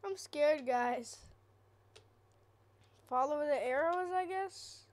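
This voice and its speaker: A woman's voice: high-pitched, takes it slowly. A woman hosting a gaming channel, giving nervous, chatty let's-play commentary on a horror game and talking to her viewers.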